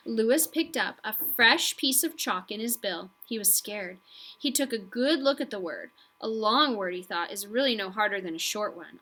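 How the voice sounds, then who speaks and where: A woman narrates a children's storybook in a calm, even way. Her voice is bright and sits fairly high. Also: moderate pace. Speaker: audiobook reader.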